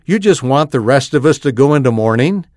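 Man voicing teen brother, teasing, gruff, kind underneath; dry close mic. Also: medium pitch, expressive, fairly quick, darkish tone, no room sound, lightly acted. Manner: mocking, grumbling.

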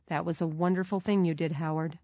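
Soft-spoken storybook mother, read by a woman, kind and gentle, low-voiced, in a dull, dry recording. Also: fairly even intonation, fairly quick, no room sound. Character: kind, gentle mother of two young children.

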